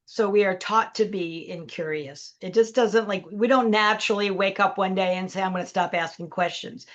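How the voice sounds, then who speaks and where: Speaking at normal speed in a mid-range voice, a middle-aged leadership coach guests on a podcast, narrating a story and performing the dialogue herself. The sound quality is dull and lo-fi.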